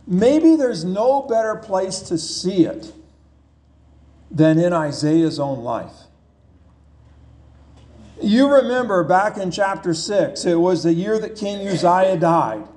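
A man's voice: sits high, a little mellow. A man preaching a sermon in an emphatic, repetitive way, asking the listeners rhetorical questions.

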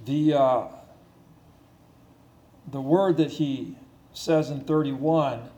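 A man preaching a sermon as pastor, earnest and repetitive, slowing words down for emphasis. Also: medium pitch, fairly even intonation, dark tone, roomy sound, muffled recording.

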